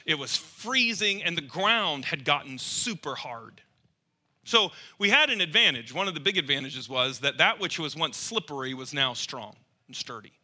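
A man preaching through a lively, self-mocking personal story. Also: a little high. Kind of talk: storytelling sermon.

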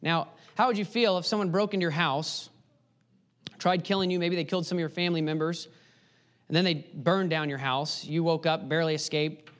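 Man preaching, earnest teaching sermon, slightly higher voice, builds emphasis on key points. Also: steady tone, fairly quick, a bit bright.

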